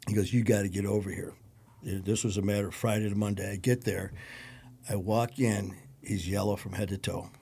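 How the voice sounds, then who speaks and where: A man with a Detroit accent, a podcast guest recounting a personal story in a low-key, conversational way. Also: steady tone, normal speed, mellow. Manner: gravelly, low-key storytelling with acted quotes.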